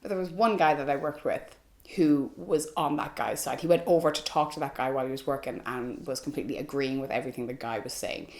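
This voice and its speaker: A woman's voice: very deep voice, fast, a little mellow. A young woman vlogger telling a personal story to camera, candid and frank, with lots of "like" and "you know". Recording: echoey room.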